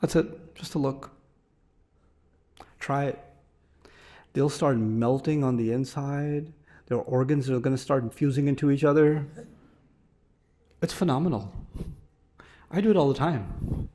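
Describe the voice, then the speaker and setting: A man's voice: mid-range voice, measured pace, pauses often, warm tone. A middle-aged man giving a sermon, telling stories with acted dialogue and humor. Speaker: Islamic speaker.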